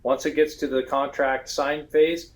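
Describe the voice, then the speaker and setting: A man talking shop as a guest in an interview, full of lively anecdotes. He jumps into quick impressions of worried customers and contractors while he makes his point. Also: medium pitch. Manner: animated storytelling, acts out customer voices. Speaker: guest, roofing software expert. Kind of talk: conversational business interview.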